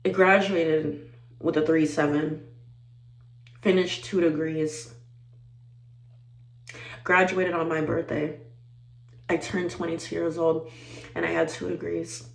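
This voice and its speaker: A woman in her twenties chatting to camera, animated and talkative, calling her viewers y'all and growing teary-eyed. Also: sits low, takes it slowly, gravelly, pauses often, reverberant, rough recording. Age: 20s. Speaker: vlogger. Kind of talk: casual chat to camera.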